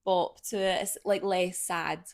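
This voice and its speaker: A woman with a Scottish accent, co-hosting a podcast in casual chat and chiming in quickly. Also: on the low side, steady tone. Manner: chatty, quick to chime in. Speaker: podcast co-host.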